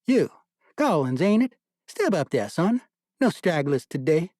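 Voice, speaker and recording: A man voicing a gruff middle-aged army major with a Southern drawl who hollers orders in rough folksy dialect. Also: fairly high pitch, very animated, measured pace, a little mellow, no room sound, clean studio sound, voice pushed up. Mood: commanding.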